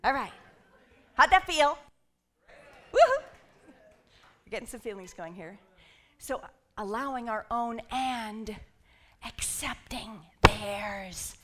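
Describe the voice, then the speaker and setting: A woman minister giving an animated sermon, dropping to whispers and rising to shouts as she leads the congregation in call and response. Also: on the high side, slow.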